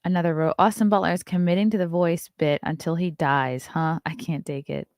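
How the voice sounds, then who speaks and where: A woman hosting a morning show, reading celebrity news aloud and breaking off for quick, wry asides. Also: on the low side, fairly even intonation, darkish tone, no room sound, clean studio sound.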